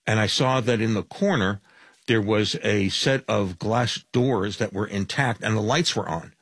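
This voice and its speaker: A man, a survivor, giving a vivid, deliberate account in an interview. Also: lowish voice, a bit bright, husky, no echo. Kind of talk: interview testimony.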